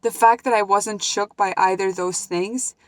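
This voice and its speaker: Her medium-pitched voice stays steady at a normal speed, with no echo, even though this young vlogger is emotional and nearly crying. She earnestly recounts a personal story to camera, full of feeling, often beginning her sentences again.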